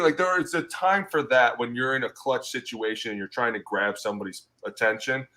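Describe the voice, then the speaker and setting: A man in his thirties riffs loosely on a sports podcast, ranting and slipping into quick imitations of players yelling at each other. His voice sits at an ordinary middle pitch. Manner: animated ranting, acting out quotes. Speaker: podcast co-host, former player. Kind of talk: casual sports talk.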